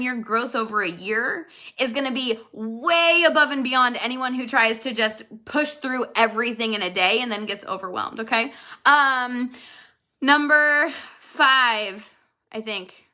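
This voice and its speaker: A woman in her thirties talks earnestly and directly to her sales team in a motivational video. Her voice sits a little high, with a bright, forward tone. She speaks to viewers as "you guys" and coaches them step by step. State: emotional, near tears at times. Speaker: network marketing team leader.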